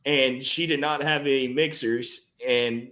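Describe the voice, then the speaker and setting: Bright-voiced joking Texan man. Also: mid-range voice. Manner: joking, playful banter. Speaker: podcast co-host. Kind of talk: casual chat.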